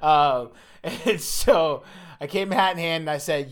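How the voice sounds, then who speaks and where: A man's voice: on the high side, unhurried, fairly bright tone, clear, resonant tone. Loose, joking male podcast host. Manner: loose and jokey, trails off with fillers. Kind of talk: casual chat.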